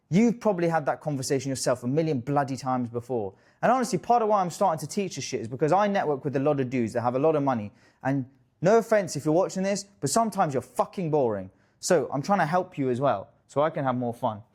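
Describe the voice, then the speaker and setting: A young man talking straight to camera as a dating coach, casual and jokey, swearing freely and tossing in quick asides. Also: a little high, lively intonation, a little mellow. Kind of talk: direct-to-camera coaching talk.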